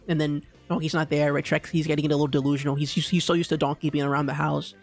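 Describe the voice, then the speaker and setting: A man's voice: on the high side, flat delivery, fast talker, creaky, hardly any pauses, faint music behind. A young man streaming live, rambling casually and stammering through many restarts and repeats.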